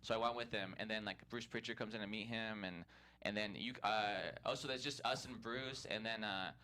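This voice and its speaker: A male comedian tells a story on a podcast in a bright, tense voice. He is animated, laughs often and talks with plenty of fillers and restarts. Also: lowish voice, fairly quick, a little hiss or hum. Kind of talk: casual storytelling chat.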